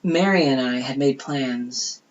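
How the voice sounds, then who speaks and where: A woman's voice: extremely low pitch, measured pace, muffled recording. A woman co-hosting a podcast, telling a personal story in casual chat, rambling and full of "you know" and "like", swearing freely. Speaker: podcast co-host.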